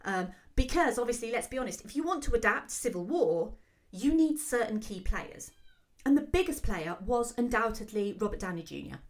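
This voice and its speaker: A woman hosting a solo film commentary show, talking quickly and excitedly with frequent fillers. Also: on the high side. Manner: fast, excitable talker with many fillers. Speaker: film podcast host.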